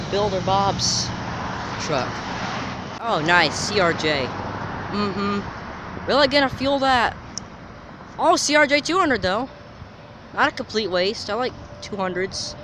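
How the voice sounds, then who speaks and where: Vlogger, plane spotter, chatty rambling commentary, outdoor street noise, mid pitch. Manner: excitable, rambling, chatty asides. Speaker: plane spotter filming overhead jets. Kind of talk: casual running commentary to camera. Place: outdoors by a gas station near an airport.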